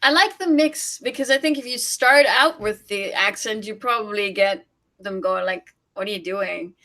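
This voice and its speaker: A woman guest, a sex coach, chatting casually, laughing often and agreeing with quick yeahs. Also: a little high, bright, forceful tone. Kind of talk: casual chat.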